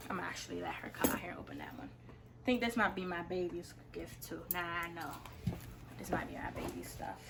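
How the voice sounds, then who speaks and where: A teenage girl opening gifts in a casual home vlog, breaking into loud, repeated excited exclamations. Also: on the low side, brisk, vocal fry, heavy background noise. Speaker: vlogger.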